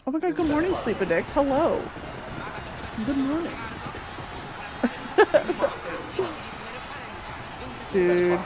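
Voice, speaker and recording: A woman streaming a game live, excitable and giggly as she chats with viewers and greets them. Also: high voice, very slow, pauses often. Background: game music.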